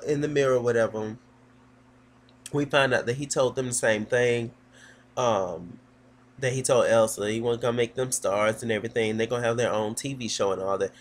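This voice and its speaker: Sassy man gossiping through a recap. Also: mid-range voice. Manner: sassy, gossipy storytelling with many fillers. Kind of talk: casual TV episode recap.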